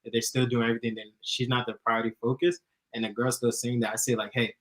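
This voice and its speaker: A young man chatting casually, giving dating advice, who talks fast and giggles and laughs often. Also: mid-range voice, little pitch movement, low-quality recording. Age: young adult. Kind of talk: casual chat.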